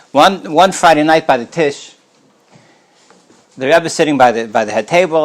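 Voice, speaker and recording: A man teaching a Torah class as a rabbi, telling stories in a casual way, clearing his throat often and starting words over while mixing in Yiddish and Hebrew terms. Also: fairly high pitch, moderate pace, pauses often. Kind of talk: storytelling Torah lecture.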